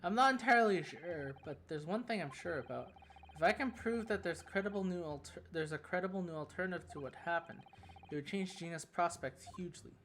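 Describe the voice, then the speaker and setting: A man's voice: sits high, brisk, a bit bright, a little hiss or hum. A man streamer reading courtroom dialogue from a game earnestly, stumbling and restarting now and then. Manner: reads courtroom lines earnestly with small slips and restarts. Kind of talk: let's-play dialogue reading.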